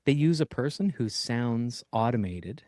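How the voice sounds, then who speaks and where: A man's voice: mid-range voice, animated, unhurried, dark tone, dry recording, studio quality. A man co-hosting a podcast, chatting in a rambling, joking way from a job trailer. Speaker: podcast co-host. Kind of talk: casual chat.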